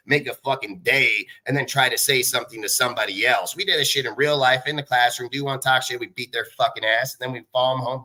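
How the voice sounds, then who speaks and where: A man's voice: medium pitch, sharp tone. A man in his forties hosting a live show, ranting angrily, swearing constantly and talking in blunt, boastful, combative bursts. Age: 40s. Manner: rapid bursts of speech. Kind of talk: profane angry rant on a livestream.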